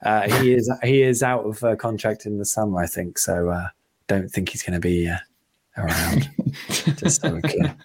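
A man hosting a casual football podcast, talking in a hesitant way with many ums and soft laughs. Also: on the low side, moderate pace. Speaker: podcast host.

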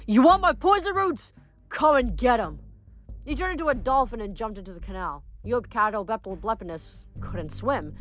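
A woman's voice: medium pitch, a bit bright. A woman reading a novel aloud in a casual narration, with small slips and restarts. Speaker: audiobook reader.

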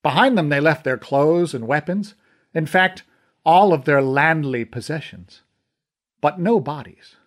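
A man's voice: on the high side, lively intonation, a little slow. A man voicing a stern male master archer who guards an armory and speaks in formal, old-fashioned courtly language. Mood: grave. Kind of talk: audiobook character reading.

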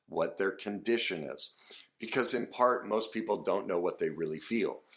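A man giving an earnest, conversational lesson on listening, with casual fillers and restarts. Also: sits low. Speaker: instructor teaching listening skills. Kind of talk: casual instructional talk to camera.

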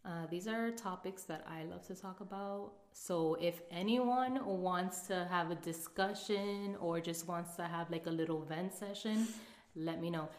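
Female podcast co-host, low-ish voice, earnest and reflective, echoey room. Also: measured pace. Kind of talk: casual podcast chat.

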